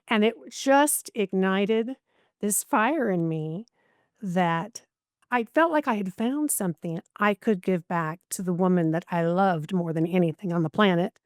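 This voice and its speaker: A woman's voice: lowish voice, a little slow, dry recording, studio quality. A middle-aged woman, a podcast guest and genealogist, telling a personal story in an interview and acting out the voices of the people in it. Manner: animated, acts out quoted voices.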